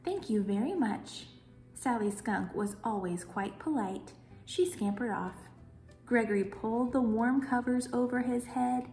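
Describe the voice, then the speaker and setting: A woman librarian leading a children's story time, reading a picture book aloud in a lively way. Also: fairly high pitch, a little slow, gravelly. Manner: animated, cheerful with children. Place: in front of a green screen. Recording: roomy echo, faint music.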